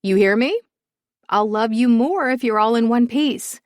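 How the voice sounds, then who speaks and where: An exasperated mother , played by a woman reading a story, scolds her reckless child in a sharp, quick voice. She is protective under the anger. The sound is close and dry. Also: a little high, no echo, voice pushed up, lightly acted. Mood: scolding.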